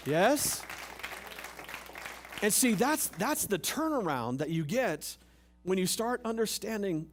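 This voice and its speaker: A man preaching in a slightly high voice, swinging from punchy questions to dry asides. He talks like he is chatting with friends, tossing in jokes and everyday slang. He is delivering a church sermon to a live congregation. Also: slight background noise. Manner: conversational, humorous preaching with rhetorical questions. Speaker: pastor. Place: church service.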